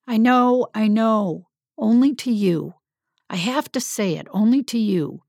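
Anguished smith, male, pleading and raising his voice, read by a woman narrator in her own slightly higher, gravelly storybook voice. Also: measured pace, no room sound, studio quality. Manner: pleading, rising to shouting. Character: anguished adult man, a smith.

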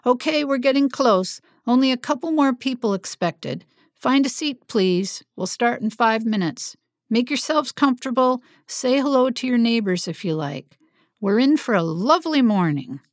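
A woman's voice: a little high, animated, normal speed, clean studio sound, voice pushed up, close to an everyday voice. Lady voicing a cheery scottish guy doctor, teasing, no echo at all. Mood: jovial. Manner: upbeat, jovial, teasing.

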